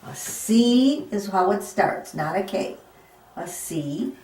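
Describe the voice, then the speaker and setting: Slow, sing-song woman teaching phonics. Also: medium pitch, lively intonation, roomy sound, a little hiss or hum. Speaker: reading teacher. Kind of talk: children's phonics lesson.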